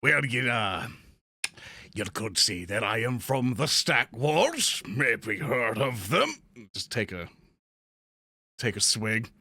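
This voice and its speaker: A man voicing a brash, gruff dwarf who talks bluntly and boastfully. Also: mid-range voice, big pitch swings, slow pace, long pauses, bright, forceful tone, dry recording, studio quality, full character voice.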